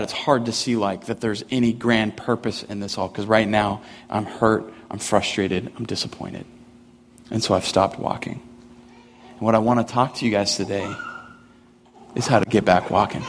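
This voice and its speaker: Guy preaching a sermon, chatty, lots of likes, big reverby church hall. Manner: conversational, frequent "like" fillers, rising in pitch and intensity as he preaches. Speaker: pastor.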